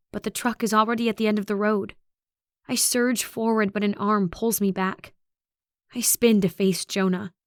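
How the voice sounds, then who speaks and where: A woman's voice: mid-range voice, no room sound, studio quality. Woman narrating a tense horror audiobook. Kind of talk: first-person horror narration.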